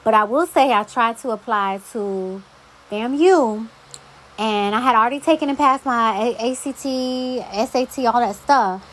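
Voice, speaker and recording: A woman's voice: a little high, measured pace, a bit bright, poor audio. A young adult woman hosting a solo podcast, talking casually with emphatic, exasperated asides. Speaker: podcast host.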